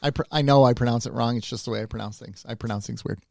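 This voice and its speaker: Male podcast co-host, middle pitch, dry close sound, rambling self-deprecating delivery. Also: steady tone, rapid-fire, creaky, darkish tone, no echo. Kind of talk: casual chat.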